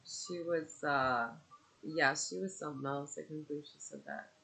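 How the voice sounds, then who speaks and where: A woman's voice: sits low, moderate pace, fairly bright tone. A young adult woman, a mother, venting casually in a personal vlog, frustrated and rambling with fillers. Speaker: vlogger and mother.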